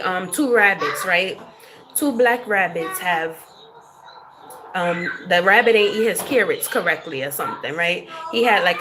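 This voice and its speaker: A woman's voice: on the low side, background noise. A woman livestreaming, ranting to her chat in a blunt, profane way and laughing often. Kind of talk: casual livestream rant to chat.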